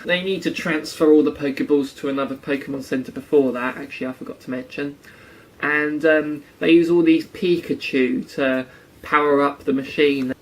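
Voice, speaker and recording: Sarcastic guy nitpicking a cartoon, casual, a bit high-pitched. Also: fairly even intonation, moderate pace, poor audio. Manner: sarcastic, acts out quotes in silly voices. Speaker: anime reviewer. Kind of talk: casual commentary.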